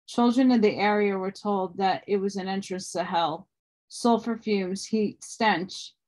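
A woman reading a book aloud at a steady pace, now and then stumbling and restarting a word. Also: mid-range voice, measured pace. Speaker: audiobook reader.

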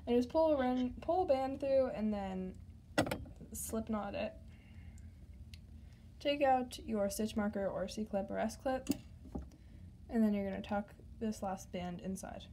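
Slightly hoarse woman teaching a craft. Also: mid-range voice, takes it slowly, pauses often, warm tone, slight background noise. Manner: chatty, talks to the viewer directly, stumbles over words. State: slightly hoarse, losing her voice. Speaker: craft tutorial host. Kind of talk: step-by-step tutorial instructions.

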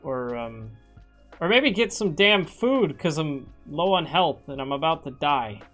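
Low-voiced woman streamer, lively and slow. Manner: jumpy, swears often, shrieks when startled. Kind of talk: casual live-stream gameplay chat. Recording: faint music behind. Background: background music.

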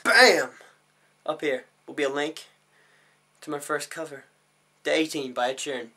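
A young man recording a random, jokey vlog to his camera at night, mumbling asides and then shouting punchlines. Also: on the high side, steady tone, normal speed. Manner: goofy, jumps between mumbles and sudden shouts. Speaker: vlogger. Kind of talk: random comedic vlog talk.

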